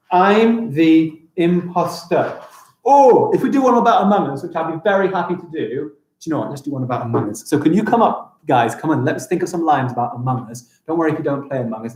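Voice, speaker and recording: A man teaching a primary school class on a live stream, enthusiastic and encouraging, reading lines slowly aloud as he counts them out. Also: mid-range voice, darkish tone, roomy sound, rough recording.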